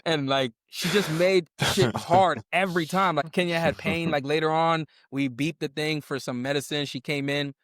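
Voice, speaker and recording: A young man co-hosting a podcast narrates a story in casual chat, animatedly acting out the people in it through quoted voices. His voice is on the high side, moving at a moderate pace with few pauses, in studio-quality audio with no echo.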